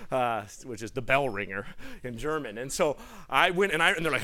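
A man giving a sermon to a live gathering, telling a personal story in an excitable, animated way. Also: mid-range voice, fast talker. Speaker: preacher.

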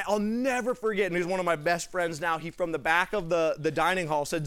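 An excitable man with a fairly high voice preaches a sermon to a live gathering. He tells his stories with animated energy and leans hard on key words. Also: fairly quick, hardly any pauses, clean tone. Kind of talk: sermon with personal story.

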